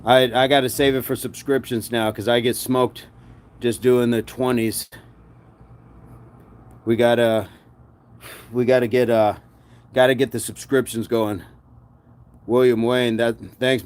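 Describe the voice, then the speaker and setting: A man's voice: lowish voice, darkish tone. An American man hosting a daily fitness livestream, reading out chat comments and cheering viewers on in an upbeat, encouraging way. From United States.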